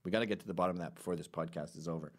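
A middle-aged man hosting a podcast, telling stories in an animated, sarcastic, casual way. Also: sits low, very fast. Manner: animated storytelling with sarcastic asides. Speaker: podcast host.

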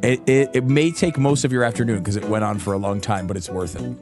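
A man co-hosting a talk radio show who lays out his points deliberately and with emphasis. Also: lowish voice, steady tone, music in the background. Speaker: radio co-host.

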